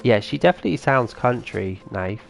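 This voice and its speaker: A man's voice: mid-range voice, expressive, brisk, gravelly, soft background music. A man streaming a farming game, chatting casually and answering his viewers' comments as he plays. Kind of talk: casual live-stream chat.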